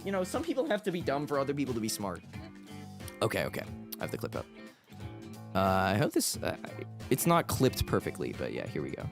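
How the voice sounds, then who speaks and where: A man with a mid-range voice streams casually, rambling and making self-deprecating jokes with lots of restarts. His pitch swoops wildly, he talks fairly quickly, and background music plays under his voice.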